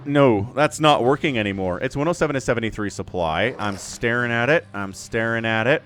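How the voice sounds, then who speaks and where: A man's voice: medium pitch, a little fast, fairly bright tone, a little hiss or hum. A man casting a strategy video game alone, play-by-play commentary full of joking asides. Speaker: esports shoutcaster. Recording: faint background music.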